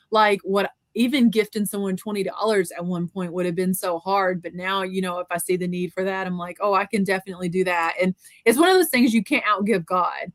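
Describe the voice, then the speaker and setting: A woman's voice: mid-range voice, dry recording. A woman hosting a casual chat, reading viewer comments aloud in an upbeat, encouraging way. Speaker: host.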